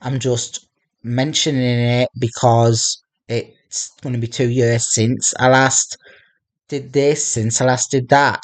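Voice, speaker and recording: Slow halting guy in his 30s, video diary, keeps repeating himself, normal mid voice. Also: mid-range voice. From northeast England. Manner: halting, often repeats and restarts phrases. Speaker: vlogger.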